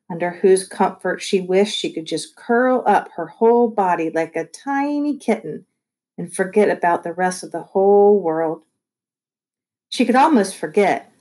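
A woman reading a novel aloud as narrator, gentle and measured. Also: fairly low pitch. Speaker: audiobook reader.

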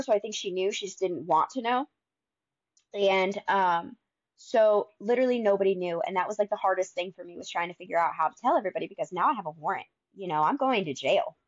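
Animated woman telling her story. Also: mid-range voice, no echo, dull audio. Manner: animated, acts out quoted dialogue. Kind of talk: casual storytelling.

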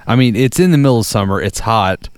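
A man's voice: medium pitch, lively intonation, fast talker, clear, resonant tone, no echo. A man co-hosting a casual podcast chat, laid-back and joking. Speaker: podcast co-host.

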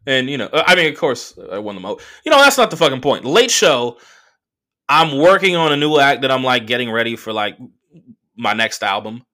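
A man who is a stand-up comedian and podcast host telling a profane, animated story full of fillers. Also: medium pitch, brisk. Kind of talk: casual storytelling monologue.

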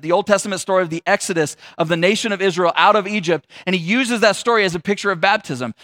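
A man with a high voice preaches a sermon from the pulpit. He builds through repeated, rising phrases, then drops quiet and low. The sound is close and dry. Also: dry recording. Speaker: pastor.

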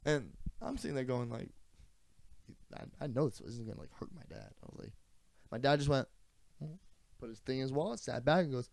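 A man's voice: mid-range voice, sing-song, brisk, creaky, pauses often, a little mellow, dry recording. A young man telling a story in casual podcast chat, swearing freely and acting out the quotes. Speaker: podcast co-host.

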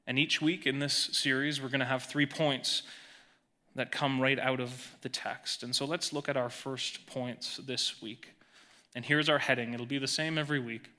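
A man preaching a sermon as pastor, emphatic, swinging between raised emphasis and hushed lines. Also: medium pitch, fairly even intonation, normal speed.

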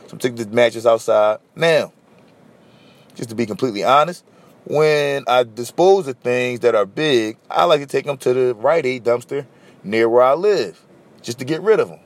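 A podcast host, a man, recounts a run-in in a loose, profane, animated way. He voices the other side's dialogue himself. His voice sits at an ordinary middle pitch. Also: moderate pace. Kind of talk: casual storytelling.

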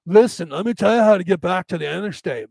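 A loose, slangy young surfer dude drawls out lazy advice, as a man puts him on. His voice is fairly high and unhurried. The sound is dry with no room echo. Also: animated, gravelly, a little mellow, slightly rough, full character voice. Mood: laid-back. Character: laid-back young male surfer dude.

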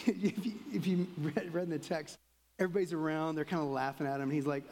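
A pastor preaching a sermon in a conversational way, acting out quotes in lively voices. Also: medium pitch, brisk, creaky, in a large hall, slight background noise, low-quality recording.

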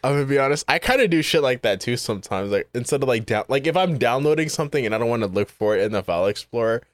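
A relaxed young man chatting with a friend, his pitch moving up and down a lot as he tells stories. He fills every gap with fillers, and the sound is dry and close. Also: racing, no echo. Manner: laid-back, filler-heavy, says "like" and "bro" a lot. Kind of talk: casual chat.

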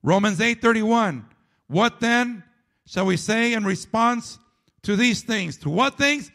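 A man preaching a sermon, emphatic and repetitive, dropping to a low, quiet delivery at times. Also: lively intonation, slow pace.

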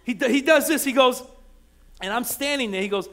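High-voiced preaching man. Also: fairly quick. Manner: animated preaching, rising to emphatic repeated lines; conversational storytelling with frequent restarts. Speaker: pastor. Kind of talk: sermon. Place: church sanctuary.

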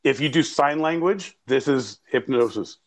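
A man with a gravelly, creaky voice talks through a loose podcast conversation. He rambles, swears freely and laughs at his own jokes as he goes. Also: medium pitch, moderate pace. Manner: rambling, profane, jokey, laughs often. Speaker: podcast co-host. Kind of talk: casual podcast banter. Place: home studio, recorded remotely via live app.

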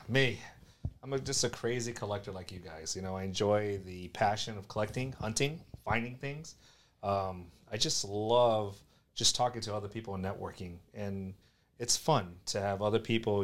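A man from South Florida, a collectibles store owner, telling a story as a podcast guest with lively acted-out quotes. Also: lowish voice, normal speed. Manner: animated, acts out quoted voices loudly.

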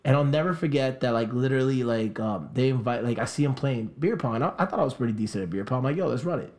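A man's voice: medium pitch, quick pace. A young man from South Florida telling a long story in casual podcast chat, swearing freely and acting out what others said. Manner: animated, profane, acts out quoted voices.

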